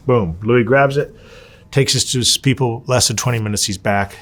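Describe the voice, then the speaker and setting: A man's voice: lowish voice, moderate pace. A man in an interview, telling his story with lots of swearing and acting out what people said. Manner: profane, animated, acts out quotes. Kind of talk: candid storytelling.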